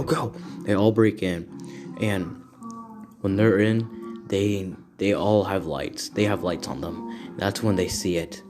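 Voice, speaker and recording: A young man improvising a fan story, rambling and correcting himself as he goes. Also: deep voice.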